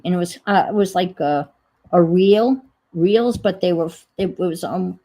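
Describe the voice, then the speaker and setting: A woman's voice: low voice, creaky, dark tone, slightly rough, rough recording. A woman hosting a casual crafting stream, thinking aloud and rambling in a self-deprecating way as she works. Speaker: crafting livestream host. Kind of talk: casual chat while crafting.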